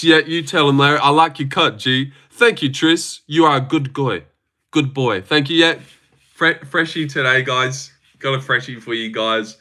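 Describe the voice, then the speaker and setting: Bright-voiced young streamer. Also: male voice, medium pitch, expressive, moderate pace. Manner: teasing, self-mocking banter. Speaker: livestream host. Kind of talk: casual livestream chat.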